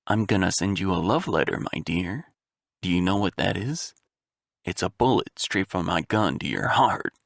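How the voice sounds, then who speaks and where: A man's voice: expressive, moderate pace, no room sound, studio quality. A man voicing a grim, hardened male soldier who speaks bluntly and tersely for an audiobook. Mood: gruff. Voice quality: gravelly, low. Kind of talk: audiobook character voice.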